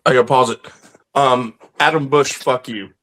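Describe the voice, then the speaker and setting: A man's voice: medium pitch, fairly even intonation, normal speed, a bit bright, low-quality recording. A man co-hosting a podcast in casual, crude banter, swearing a lot and mimicking others. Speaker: podcast co-host.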